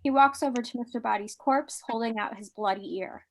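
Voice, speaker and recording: A woman reads the stage directions aloud in a live script reading. Her voice sits fairly high, and her delivery is brisk and lightly amused.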